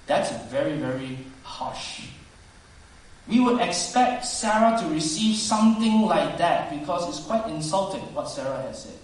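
A man preaching a sermon earnestly, swinging between loud emphasis and soft, hushed asides. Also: sits high, measured pace. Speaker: pastor. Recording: very echoey hall, speaker far from mic.

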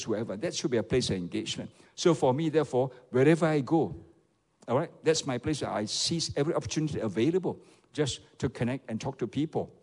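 Malaysian pastor preaching in a reverberant hall. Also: male voice, mid-range voice, darkish tone. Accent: Malaysian English. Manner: rhetorical, repeatedly asks the audience for replies. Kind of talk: sermon.

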